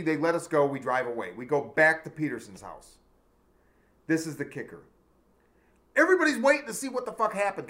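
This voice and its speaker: Animated, high-voiced man telling a story. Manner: animated, profane, acts out shouting cops. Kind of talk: casual storytelling chat.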